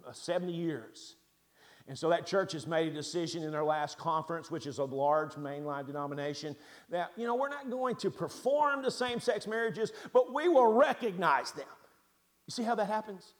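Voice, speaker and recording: A high-pitched man preaching a sermon from the pulpit. He presses his points hard with loud emphatic stresses, drops to quiet asides, and keeps asking his listeners rhetorical questions. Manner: asks the congregation rhetorical questions. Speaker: pastor.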